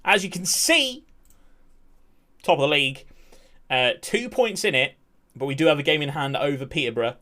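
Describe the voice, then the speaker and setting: A man's voice: on the high side, lively intonation, normal speed, long pauses, pushed and bright. A young man chatting casually to his live-stream chat while slightly out of breath, greeting viewers by name and swearing now and then. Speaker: game streamer.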